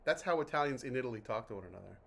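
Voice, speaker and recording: A man's voice: mid-range voice, expressive, rapid-fire, vocal fry, a bit bright, slight background noise. A man from New Jersey hosting a casual vlog, reviewing mineral water in a chatty, jokey, self-interrupting way. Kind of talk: casual rambling vlog talk.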